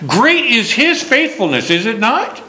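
A man preaching a sermon slowly and emphatically, stressing key words. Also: very high voice, wildly swooping pitch, pushed and bright, echoey room, poor audio.

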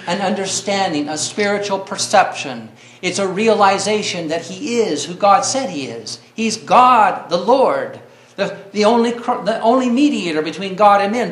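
A man's voice: sits high, a bit bright, roomy sound, a little hiss or hum. A man preaching a sermon earnestly, reading scripture and rising to cries when he quotes.

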